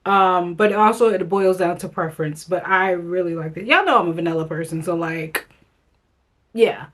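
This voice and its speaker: A woman's voice: fairly low pitch, moderate pace, fairly bright tone. A woman beauty vlogger giving a casual, enthusiastic product review, chatting directly to her viewers.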